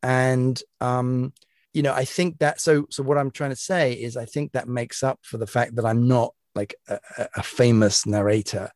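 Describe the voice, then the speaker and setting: A British man, speaking as an author being interviewed, rambles in a casual way, repeating words and restarting his sentences. His voice sounds young and a little higher than you'd expect, and it is mid-pitched for a man. The recording is close and dry. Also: steady tone, moderate pace, darkish tone, dry recording. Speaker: author and guest.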